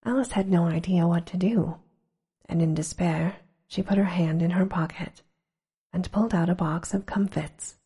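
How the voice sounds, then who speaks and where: A woman reading a storybook aloud in a hushed, slow whisper, as whispered role-play. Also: lowish voice, husky. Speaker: storybook reader.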